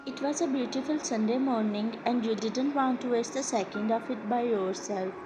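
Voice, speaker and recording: A woman reading a fan fiction story aloud in steady second-person narration, over background music. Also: on the high side, rough recording.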